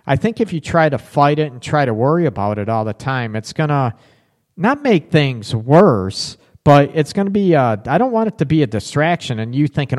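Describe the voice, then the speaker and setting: A man's voice: fairly high pitch, sing-song, moderate pace, in a large hall. A man hosting a relationship talk show, reading viewer comments and answering in a candid, chatty way. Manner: candid, frank, chatty with frequent restarts. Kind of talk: live-stream chat reading viewer comments.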